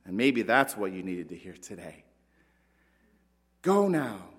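A man preaching a sermon as pastor, earnest, with dramatic pauses and rising emphasis. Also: lowish voice, sing-song, husky. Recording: long reverb of a large hall.

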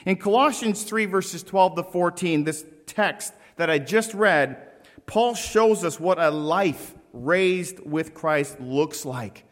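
Man, pastor, sermon, emphatic, slightly high voice, deliberate pauses, long church-hall reverb. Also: lively intonation. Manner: emphatic, slow deliberate phrasing with asides to the congregation. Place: church sanctuary.

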